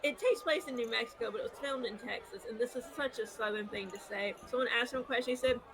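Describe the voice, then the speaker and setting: A woman co-hosting a casual live show, telling funny stories about herself with lively, self-deprecating energy. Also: fairly high pitch, fast talker, rough recording. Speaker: podcast co-host. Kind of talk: casual storytelling chat.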